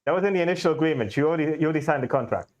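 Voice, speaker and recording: A man's voice: on the high side, animated, very fast, darkish tone. A man hosting a tabletop game stream as game master, playful and teasing with his players.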